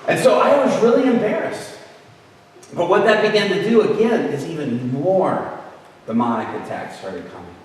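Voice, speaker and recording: A preacher with a slightly high voice tells a personal story in a sermon, acting out the people he quotes with big jumps in his voice. He's recorded from far off in an echoey large hall at an event, with slight background noise.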